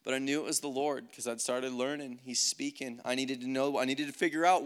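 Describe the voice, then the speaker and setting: A man's voice: mid-range voice, fairly even intonation, fairly quick, hardly any pauses, smooth. Earnest man telling his faith story. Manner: casual and conversational, heavy use of "like". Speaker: speaker sharing a faith story. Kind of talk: personal testimony.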